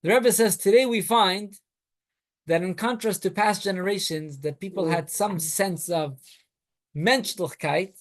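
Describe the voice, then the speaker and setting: Give us a rabbi with a fairly high voice, lecturing a room of students in a weekly Torah class. He tells his stories with life and momentum, and he answers his listeners' quick remarks as he goes. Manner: animated storytelling, talks with students.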